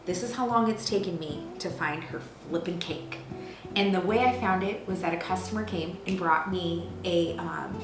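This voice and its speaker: A chatty woman in her thirties hosts a home cooking show and tells stories in a playful, gossipy way. Her voice carries a roomy echo from the kitchen, with music playing clearly behind her. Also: on the low side, normal speed. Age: 30s. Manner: gossipy, playful storyteller with lots of fillers.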